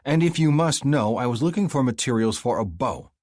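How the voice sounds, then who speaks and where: A male narrator voicing an angry, sarcastic young human woman in an audiobook, shouting and sneering. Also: medium pitch, animated, brisk, no echo, clean studio sound, pitched above the performer's own voice, close to an everyday voice. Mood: furious, sarcastic. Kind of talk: audiobook character voice.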